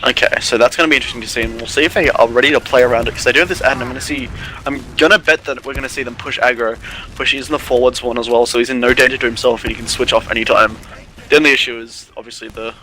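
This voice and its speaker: A man calls a live game match in a bright, forward voice. He talks quickly and casually and laughs easily with his partner. Faint game sounds sit behind him. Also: mid-range voice, fairly even intonation, a little hiss or hum, poor audio. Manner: quick, chatty, laughs often. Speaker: esports caster. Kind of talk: live play-by-play commentary.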